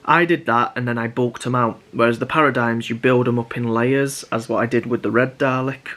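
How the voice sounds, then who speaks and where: A man's voice: medium pitch, steady tone, brisk, a bit bright. Rambling young man vlogging. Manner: rambling, many restarts and fillers. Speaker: prop maker vlogger. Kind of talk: casual chat to camera.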